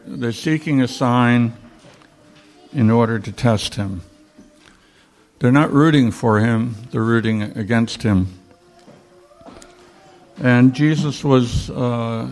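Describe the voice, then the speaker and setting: A man teaching a Bible study in a slow, reflective way, pausing with fillers as he reads and explains scripture. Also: medium pitch, a little mellow.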